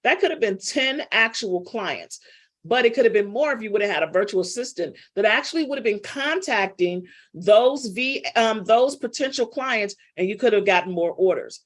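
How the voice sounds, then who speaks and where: A woman's voice: mid-range voice, animated, moderate pace. A middle-aged woman business coach teaching a live online class, chatty and teasing as she calls on students by name.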